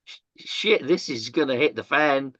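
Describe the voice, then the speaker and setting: Older man, halting and dry. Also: mid-range voice, animated, a bit bright, dry recording, lo-fi sound. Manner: halting, many fillers and restarts, casual swearing. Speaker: interview guest. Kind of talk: candid storytelling in conversation.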